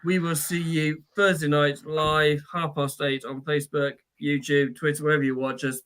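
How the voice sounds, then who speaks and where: A man's voice: fairly high pitch, flat delivery, moderate pace, a bit bright. A man hosting a sports podcast in an easygoing, friendly way, wrapping up the show with casual patter. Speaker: podcast host. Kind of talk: casual chat.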